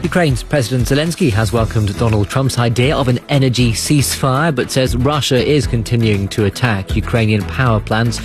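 Male anchor, middle pitch, brisk headline read, music underneath. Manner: brisk, upbeat headline delivery. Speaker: news presenter. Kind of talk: headline reading over music.

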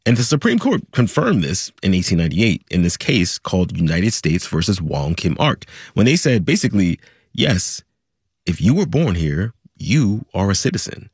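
Brief: male podcast host, low husky voice, lively delivery, dry studio sound. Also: moderate pace, no room sound. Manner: animated, chatty, explanatory. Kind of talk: conversational news podcast.

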